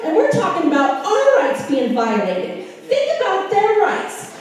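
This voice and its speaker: A high, lively woman's voice carries heated, indignant public comment. It is recorded from far off in a big echoing hall, with a murmuring crowd and faint noise behind her. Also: unhurried, few pauses. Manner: heated, indignant, rising to shouting. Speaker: local resident speaking at a community meeting. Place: large community meeting hall.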